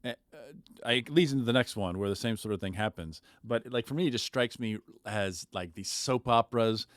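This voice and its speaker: A man's voice: mid-range voice, fairly quick, no echo, studio quality. A man co-hosting a podcast, chatting casually about Bible stories, reading scripture aloud and acting out the quoted lines with energy. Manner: animated storyteller, acts out quoted lines. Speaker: podcast co-host.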